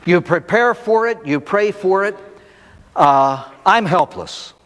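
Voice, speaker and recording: A man's voice: sits high, lively intonation, slow, fairly bright tone. A man, a priest, giving a recovery talk to an audience, telling folksy stories and asking rhetorical questions. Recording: echoey hall recording.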